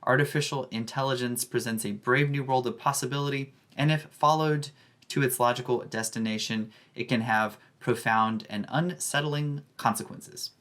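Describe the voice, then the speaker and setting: A man, a high school English teacher, giving a scripted academic presentation with a careful, measured delivery. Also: fairly even intonation, a bit bright.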